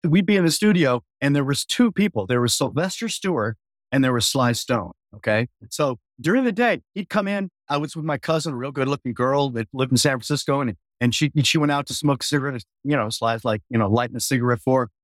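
Lively storytelling man, dry close sound. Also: brisk, dry recording. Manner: lively storyteller, acts out voices and hums bass lines. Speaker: podcast guest musician. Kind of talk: animated storytelling.

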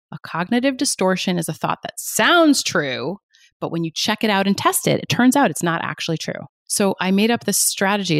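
A woman appears as a podcast guest, a pain psychologist explaining ideas with energy and emphasis and plenty of rhetorical questions. Her voice is mid-range, and the studio-quality audio has no echo.

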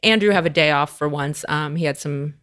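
A woman's voice: sits low, fairly quick, fairly bright tone. A woman hosting a podcast, chatting casually and laughing as she tells stories. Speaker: podcast host.

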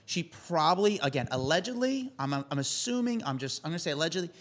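A man's voice: a little high, quick pace. A man co-hosting a podcast, telling a celebrity anecdote in casual chat and acting out the dialogue. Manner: animated storyteller, acts out quoted dialogue. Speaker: podcast co-host.

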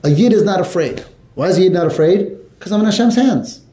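A man with a high voice teaches a Torah lesson fairly quickly, in a roomy-sounding space. He tells the story with animation, asks his students questions, and mixes in Hebrew and Yiddish terms.

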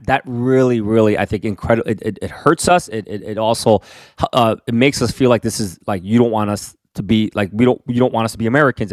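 A middle-aged man with a somewhat low voice speaks reflectively, encouraging his listeners. The recording is close and dry, with no room around him. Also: dry recording. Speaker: co-host. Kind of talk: casual conversation.

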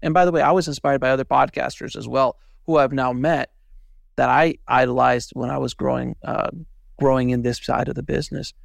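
Gravelly man, animated storyteller. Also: mid-range voice, brisk, no echo. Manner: animated storytelling, acting out quoted voices. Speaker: podcast host and filmmaker, guest. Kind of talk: casual interview talk.

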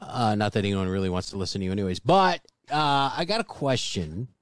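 A man co-hosts a podcast in crude, casual banter. He teases the others and swears freely, and his pitch swings widely as he jokes. The sound is close and dry. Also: sing-song, brisk, dry recording. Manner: joking, teasing, swears freely. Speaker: podcast co-host.

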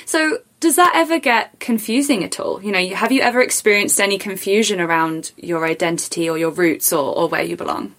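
A woman with a mid-range voice hosts a relaxed interview. She is chatty and enthusiastic, asking questions and reacting with easy laughs. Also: mid-range voice, a little fast, few pauses. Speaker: podcast host. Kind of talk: casual interview chat.

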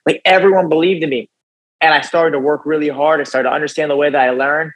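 A young man, a guest on a podcast, telling his personal story in a casual, animated way, often tossing in "dude" and "right?". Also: a little high, fast talker, low-quality recording. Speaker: podcast guest, youth motivational speaker.

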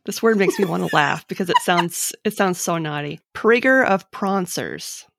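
A woman's voice: lowish voice, lively intonation, normal speed, vocal fry, a bit bright, dry recording, studio quality. A woman hosting a podcast, running a casual quiz segment in a playful, teasing way. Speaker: podcast host.

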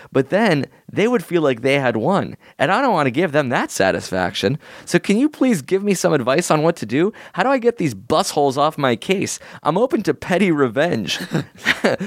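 A man co-hosting a comedy podcast, reading a listener's email aloud in a casual, lively way with laughing asides. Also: fairly high pitch, no echo, clean studio sound. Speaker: podcast co-host.

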